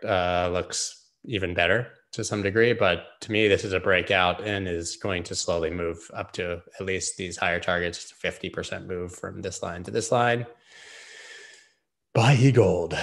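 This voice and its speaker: Deep-voiced man rambling over charts. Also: a bit bright. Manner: joking, rambling, quick asides. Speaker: host of a live charting stream. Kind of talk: casual live-stream chart analysis.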